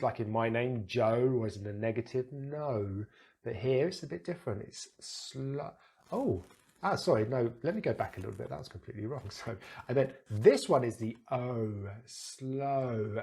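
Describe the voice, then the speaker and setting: A man's voice: mid-range voice, a little mellow. British male teacher, patient, demonstrative, breaks words into single sounds. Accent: British English. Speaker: English pronunciation teacher. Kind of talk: explaining pronunciation to camera.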